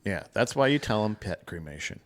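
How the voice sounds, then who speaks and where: A man's voice: lowish voice, sing-song, brisk. A man co-hosting a comedy podcast, cracking jokes and laughing often. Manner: joking, mock voices, giggly. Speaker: podcast co-host. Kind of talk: casual comedic chat.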